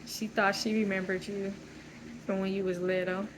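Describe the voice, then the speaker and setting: A woman's voice: medium pitch, little pitch movement, normal speed, slight background noise, rough recording. A woman talking through a loose, searching personal monologue, full of fillers and restarts. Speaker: channel host.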